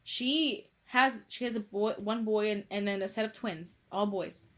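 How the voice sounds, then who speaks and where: A woman's voice: medium pitch, unhurried. A young woman co-hosting a podcast in casual chat, emphatic and repeating words as she talks. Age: young adult. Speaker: podcast co-host.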